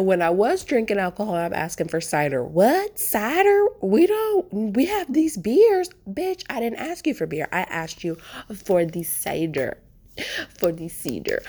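A woman vlogger with a slightly low voice talks casually about her travels. She rambles, restarts her sentences and fills gaps with "like" and "um". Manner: chatty, rambling, animated with frequent fillers and restarts. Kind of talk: casual storytelling vlog.

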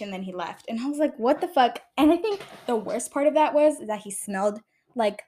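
A woman's voice: on the high side, fairly bright tone. A young woman hosting her own podcast, talking casually and bluntly, exasperated and swearing freely as she rants. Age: young adult. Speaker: podcast host.

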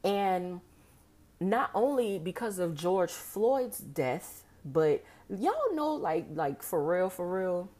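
A woman's voice: on the low side, expressive, slow, darkish tone. Frustrated woman. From New Orleans. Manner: impassioned, frustrated, repeats phrases. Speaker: podcast host. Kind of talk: casual monologue.

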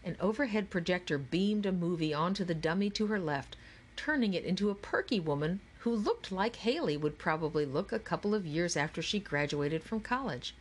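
A woman reads an audiobook in a fairly low voice. Her narration is clear and steady. She keeps an even storytelling pace. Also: moderate pace. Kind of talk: scripted narration.

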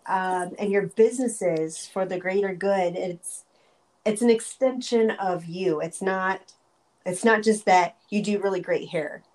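A woman's voice: medium pitch, a little slow, a little mellow. A woman hosting an interview, effusive and affirming as she sums up and praises her guest. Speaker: interviewer, host.

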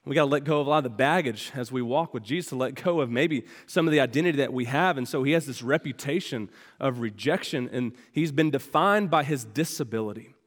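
A man preaching a sermon as pastor, asking the congregation rhetorical questions and moving between loud emphasis and hushed passages. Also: medium pitch, fast, few pauses, in a large hall. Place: church sanctuary.

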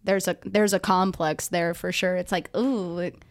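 A woman's voice: on the low side, steady tone, normal speed, dry recording. A young woman co-hosting a podcast in casual chat, chatty and full of "like". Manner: chatty, filler-heavy, frequent "like". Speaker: podcast co-host. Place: studio. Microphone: handheld mic. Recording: dry close studio mic.

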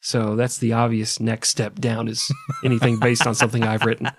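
A man hosting a podcast, telling a history story casually, with sarcastic, profane, deadpan jokes. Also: mid-range voice, brisk, a little hiss or hum. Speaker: podcast host.

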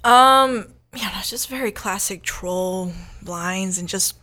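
A woman's voice: mid-range voice, takes it slowly, pushed and bright. Chatty young woman guest, upbeat. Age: young adult. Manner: chatty, upbeat, peppered with "you know" and "like". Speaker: guest, competitive eater and food creator. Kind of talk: casual podcast interview.

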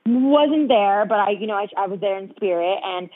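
Over a tinny phone line, a woman with a mid-range voice speaks at a moderate pace. She's a podcast co-host chatting casually and telling stories with animation, saying "like" constantly.

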